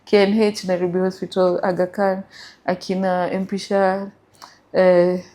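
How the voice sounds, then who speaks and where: A woman's voice: fairly low pitch, level tone, unhurried, warm tone. A middle-aged woman with a Kenyan accent, telling her story as an interview guest and mixing English with Swahili.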